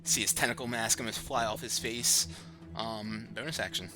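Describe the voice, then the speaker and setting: A man's voice: lowish voice, fairly even intonation, normal speed. A man narrating as dungeon master in a live tabletop game, describing the action in an easygoing way and laughing often. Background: background music.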